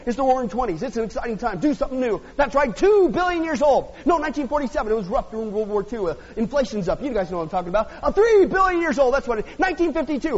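A man pastor preaching a sermon in a joking, sarcastic way to his congregation. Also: extremely high pitch. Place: church hall. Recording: dull lo-fi audio with long hall reverb.

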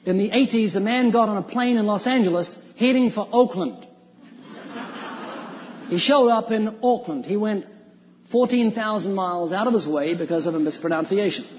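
A man from New Zealand preaches with a fairly high voice, quoting scripture and briefly acting out the people in his stories. His voice rings through a large hall with a long reverb, and the recording sounds muffled and dull. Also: moderate pace, slight background noise. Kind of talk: sermon.

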